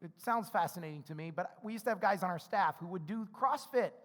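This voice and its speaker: A male pastor with a notably high voice delivers a casual, conversational sermon. He keeps acting out the characters' lines and asking "right?" as he goes. His voice rings with a long reverb from a large hall. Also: fast, fairly bright tone. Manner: conversational, acts out the characters' dialogue; frequent tag questions "right?".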